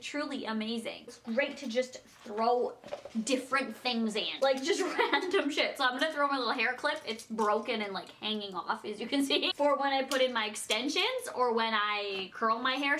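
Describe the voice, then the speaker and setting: A woman's voice: fairly high pitch, animated, moderate pace, hardly any pauses, sharp tone, slight background noise. A young woman chatting casually in a vlog as she packs, rambling and giggling as she talks. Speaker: vlogger.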